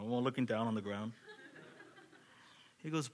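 A man's voice: medium pitch, fast talker. A man in his thirties preaching, telling a story and acting out the dialogue, often dropping to a whisper for emphasis. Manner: animated, acts out dialogue, drops to whispers for emphasis. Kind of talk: sermon illustration storytelling.

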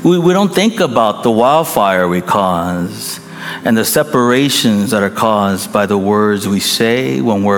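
A man preaching a sermon as a pastor, telling a story with lively acted-out quotes and calls to the congregation. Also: medium pitch, in a large hall.

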